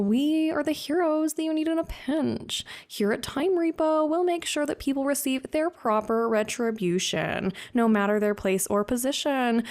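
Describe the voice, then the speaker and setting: A woman delivers a comedic mock advertisement in a salesy pitch. Her voice is a little high and gravelly. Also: a little mellow. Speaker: ad reader.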